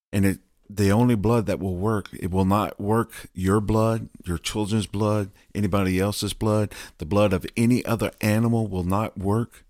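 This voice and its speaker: Man, deep voice, dry recording, earnest pleading sermon tone. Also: a little mellow, dry recording. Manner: earnest, pleading appeal to listeners. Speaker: podcast co-host. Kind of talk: preaching call to faith.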